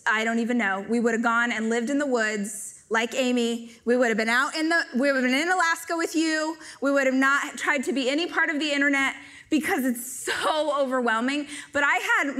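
A woman giving a live stage talk to an audience, telling stories in an animated, joking way. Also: high voice. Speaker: motivational speaker.

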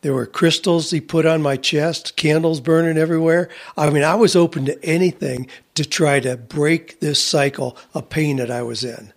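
A man's voice: on the high side, steady tone, normal speed, creaky, hardly any pauses. A man in his seventies, a guest on an interview show, speaking earnestly and plainly about his own experiences. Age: 70s. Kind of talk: casual interview talk.

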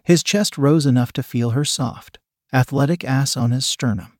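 A man narrating a scripted erotic story in a steady, even reading voice. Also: medium pitch, normal speed, no room sound, studio quality.

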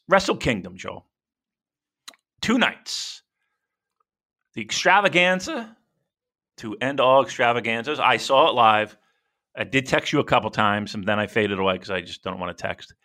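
Animated, profane man co-hosting a podcast. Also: fairly low pitch. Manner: profane, rambling, animated storytelling. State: dealing with a sore shoulder. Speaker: podcast co-host. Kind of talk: casual wrestling podcast chat.

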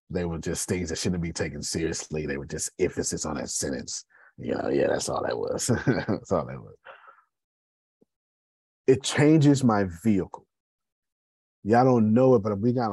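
A man's voice: deep voice, mellow, husky, no echo. A man, talking casually to his listeners about his business, calling them y'all. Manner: conversational, addresses listeners as y'all. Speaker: host. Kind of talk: motivational business talk.

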